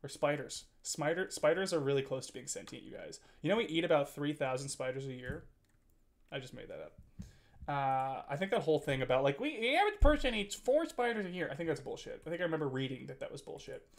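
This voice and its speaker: A man's voice: mid-range voice, fast, gravelly. A man in his twenties chatting casually on a live stream, rambling and teasing his chat with frequent laughs and filler words. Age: 20s.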